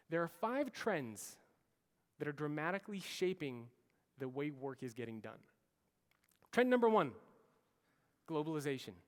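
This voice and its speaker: A man in his thirties giving a storytelling keynote speech, acting out the lines he quotes. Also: fairly high pitch. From United States. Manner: animated storyteller, acts out quoted orders. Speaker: keynote speaker. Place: large conference hall. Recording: long hall reverb.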